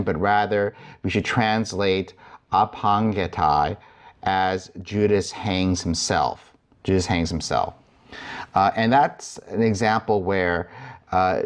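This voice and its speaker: A man with a fairly low voice teaches a recorded grammar lesson. He explains step by step, often pausing with "uh" and restarting his sentences. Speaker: Greek instructor. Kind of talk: recorded lecture.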